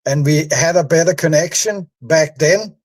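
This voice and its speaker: A man with Danish as his first language, co-hosting a podcast and speaking haltingly about going to recovery meetings. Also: on the high side. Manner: halting, hesitant, with frequent fillers. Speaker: podcast co-host. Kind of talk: candid recovery talk.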